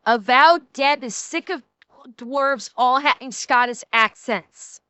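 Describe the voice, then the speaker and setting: High, bright, profane woman streamer. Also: slow, clean tone, no room sound. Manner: profane, ranting, exasperated. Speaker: streamer reacting to a video. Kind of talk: live reaction stream.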